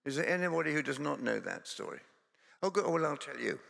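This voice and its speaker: A Scottish man preaches with a strongly gravelly, bright voice. He talks in a chatty, self-deprecating way, wandering into stories and jokes. The sound carries a long reverb from a church. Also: on the high side, big pitch swings, quick pace. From Scotland. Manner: conversational, self-deprecating, digressive. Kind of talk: sermon with humorous storytelling.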